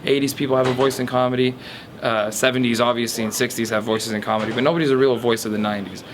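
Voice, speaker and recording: A man's voice: mid-range voice, fairly even intonation, fast, a crowd in the background. A man in his twenties from a Portuguese family background, a comedian speaking candidly in a documentary interview, rambling with frequent restarts. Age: 20s.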